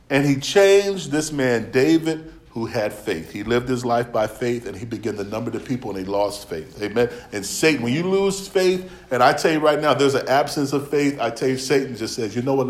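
A man's voice: mid-range voice, echoey room. A man from the United States preaching a sermon in plain, slangy African American English, joking and laughing often as he reads and explains scripture.

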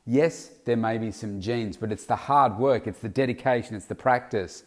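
A man giving a motivational self-help talk, acting out a harsh inner critic. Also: normal speed. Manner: acts out a harsh inner critic with raised pitch. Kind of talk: motivational monologue.

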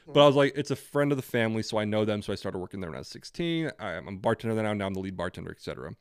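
Speaking in a lowish, clean-toned voice, a young podcast co-host recounts a story in casual chat, swearing freely and ranting as he performs both parts of the conversation. The sound is dry and studio-clean.

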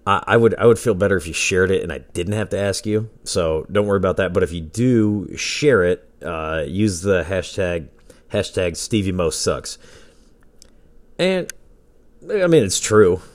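Low-voiced dude rambling on his home podcast, cussing a lot and laughing at his own stories. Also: lively intonation, measured pace. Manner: loose, profane, laughing storyteller. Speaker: podcast host. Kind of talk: casual solo podcast storytelling. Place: home with a dog nearby.

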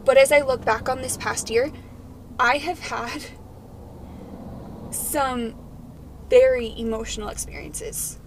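A woman's voice: sits high, steady tone, takes it slowly, long pauses, slight background noise, low-quality recording. A woman co-hosting a podcast, talking earnestly and emotionally in casual chat. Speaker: podcast co-host.

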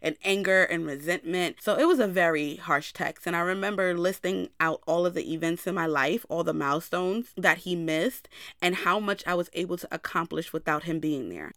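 A woman's voice: lowish voice, fairly bright tone, no room sound, studio quality. A young woman hosting a podcast, telling a personal story in a candid way and talking straight to her listeners. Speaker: podcast host.

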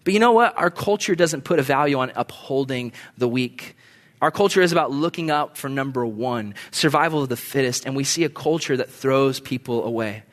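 Animated young male preacher. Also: fairly quick. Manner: storytelling, animated, acts out his own outbursts in a high strained voice. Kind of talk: sermon.

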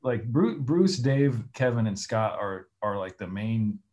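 A man co-hosting a podcast, talking casually in halting bursts with frequent restarts. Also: on the low side, expressive, darkish tone. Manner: halting, many restarts and fillers. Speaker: podcast co-host. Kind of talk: casual chat.

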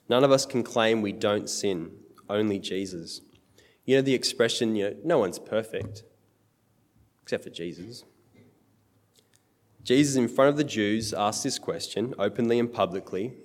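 A man preaches a sermon with an earnest, emphatic delivery, often quoting scripture. His voice sits fairly low. It rings with a long reverb, as if recorded in a large hall. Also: a little mellow.

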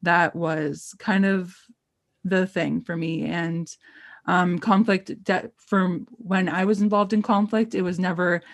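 A woman's voice: fairly low pitch, steady tone, slow pace, no echo. A young woman co-hosting a casual podcast chat, encouraging and chatty with lots of fillers. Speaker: podcast co-host.

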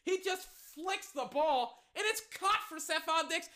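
Excitable fan calling football play-by-play. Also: extremely high pitch. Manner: excitable, loud bursts, rapid asides to listeners. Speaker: fan commentator. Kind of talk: live fan play-by-play commentary.

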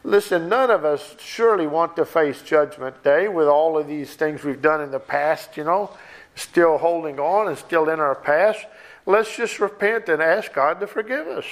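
A man preaching a Bible-teaching sermon, earnest and emphatic, often repeating and rephrasing his points. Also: fairly high pitch.

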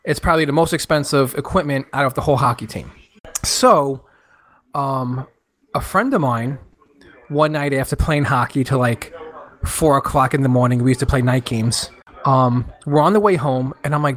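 A man spinning a funny story in relaxed chat, with a fairly high, lively voice. He talks casually and jumps up in pitch whenever he quotes someone. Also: moderate pace.

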